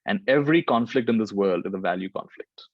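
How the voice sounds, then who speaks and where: A man's voice: lowish voice, lively intonation, quick pace, no echo, dull audio. Brief: man, spiritual teacher, repeats phrases to drive them home, dry close sound. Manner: reflective, repeats phrases for emphasis. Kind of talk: spiritual Q&A talk.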